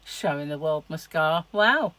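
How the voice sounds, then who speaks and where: A middle-aged woman rambles casually to her camera, often laughing. Her voice sits a little low for a woman. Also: expressive, a little slow, a bit bright, dry recording, rough recording. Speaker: vlogger.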